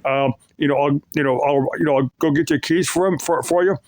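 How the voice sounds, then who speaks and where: A man voicing a middle-aged brother who talks in halting, rambling phrases. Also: fairly high pitch, steady tone, a little mellow, lightly acted. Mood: welcoming. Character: relieved man, the caller's brother.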